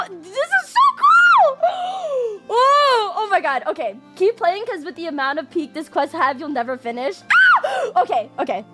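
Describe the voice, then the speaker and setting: A young woman reacting to a game for her channel, gushing, squealing and apologizing as she fangirls. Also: sits high. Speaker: gaming video creator. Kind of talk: excited game reaction commentary.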